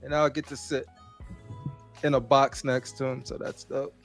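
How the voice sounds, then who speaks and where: A man chatting as a guest on a video-call show, animated and full of slang. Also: medium pitch, normal speed, faint music behind. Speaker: panel guest. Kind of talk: casual chat.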